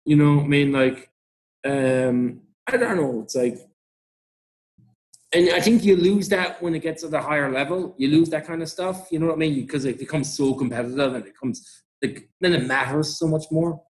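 A man's voice: on the high side, moderate pace. A middle-aged Irish man telling rambling stories in a casual interview, swearing freely and laughing often. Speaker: interview guest, rugby club founder.

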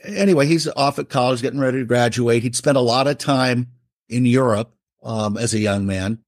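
A man's voice: medium pitch, normal speed, no echo, studio quality. A middle-aged man, a writer, telling a family story in a casual, rambling way. He interrupts himself often and acts out what others said.

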